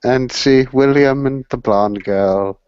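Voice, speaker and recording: A man speaks in a slow, mock-formal, theatrical manner while telling a story. His voice sits mid-range. The recording is dull, lo-fi and dry. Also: mid-range voice, clear, resonant tone, no echo. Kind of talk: casual chat in a mock-refined manner.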